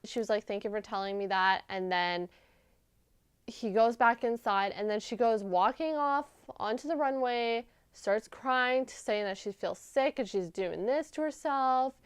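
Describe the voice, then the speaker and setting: Gushing young woman with a smooth voice. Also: a little high, measured pace, no echo. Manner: gushing, animated storytelling with many "like"s. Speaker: vlogger reviewing a TV episode. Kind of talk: casual chatty recap.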